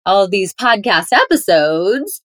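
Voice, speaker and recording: Cheerful woman chatting as a podcast guest, average pitch, dry close sound. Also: big pitch swings, a little slow, a bit bright, no room sound. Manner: upbeat, playful, laughs often. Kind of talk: interview, conversational.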